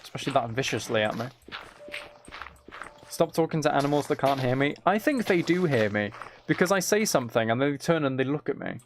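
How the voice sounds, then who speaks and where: A man's voice: medium pitch, animated, fairly quick, background noise. A man chatting casually with his live-stream audience while he plays a game, rambling, joking and teasing viewers.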